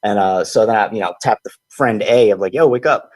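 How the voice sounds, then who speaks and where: A man telling a personal story in a casual, animated way, acting out what his friends said. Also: brisk, no echo. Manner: animated, acts out quoted friends in higher voices. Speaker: podcast host.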